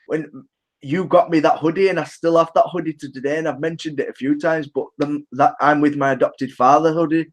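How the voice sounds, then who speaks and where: A man's voice: fairly high pitch, fairly even intonation, fairly quick. A man co-hosting a casual podcast chat, rambling and swearing heavily. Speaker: podcast co-host.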